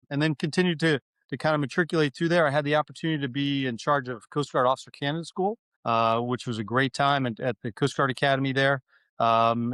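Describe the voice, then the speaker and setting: A man's voice: mid-range voice, a bit bright, smooth, no room sound. A middle-aged man from New York, a university president, telling his career story as a podcast guest, earnest, with many fillers and restarts. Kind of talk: conversational storytelling.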